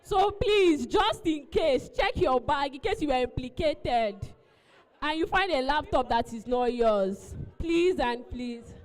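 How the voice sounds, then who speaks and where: Woman event host, high bright voice, keeps coaxing everyone, long hall echo. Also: lively intonation, unhurried, some chatter behind. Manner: coaxing, repeats pleas. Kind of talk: live event emcee announcements.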